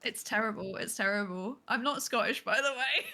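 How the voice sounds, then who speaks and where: Bright-voiced Northern Irish woman. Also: on the high side, normal speed. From Northern Ireland. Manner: giggly, self-deprecating. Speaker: streamer. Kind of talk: casual chat.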